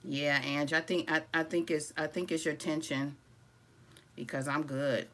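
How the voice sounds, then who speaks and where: In a deep voice at a moderate pace, a woman hosts a live crochet tutorial. Her manner is relaxed and chatty: she calls viewers "y'all," greets them by name, and reads their comments out loud while she crochets.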